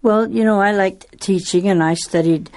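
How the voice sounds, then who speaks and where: A woman's voice: mid-range voice, moderate pace, darkish tone. A woman hosting a radio panel show, chatty and friendly, hesitating now and then. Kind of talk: relaxed radio panel chat.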